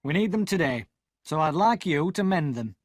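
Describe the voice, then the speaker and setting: Guy voicing a brisk bossy sergeant, a bit higher, lively. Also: dry recording, clean studio sound. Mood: commanding. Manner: brisk, commanding. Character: brisk commanding army sergeant, adult man.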